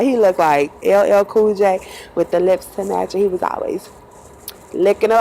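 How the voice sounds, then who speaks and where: A woman's voice: fairly low pitch, fairly even intonation, normal speed, creaky, warm tone, rough recording. Chatty woman telling a story over faint noise. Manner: chatty, laughs often, acts out quotes. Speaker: bus driver. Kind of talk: casual storytelling monologue. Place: in a bus at night.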